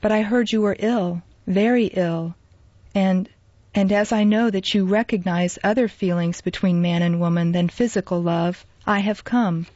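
A woman voicing a timid, remorseful young woman who speaks softly and kindly, in a storybook reading. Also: mid-range voice, fairly even intonation, normal speed, no room sound, lightly acted. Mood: gentle. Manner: soft, kindly, hasty when pressed. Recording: dull lo-fi dry recording.

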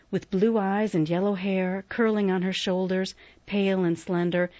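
Woman narrator, lowish voice, measured expressive reading, dry dull close recording. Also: dry recording. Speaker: audiobook narrator. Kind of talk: scripted narration of a classic novel.

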